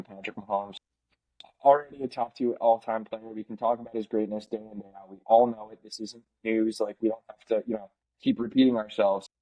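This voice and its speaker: A man co-hosting a casual sports podcast, ranting in an animated way and slipping into mock impressions. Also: fairly low pitch, dull audio. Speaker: podcast co-host.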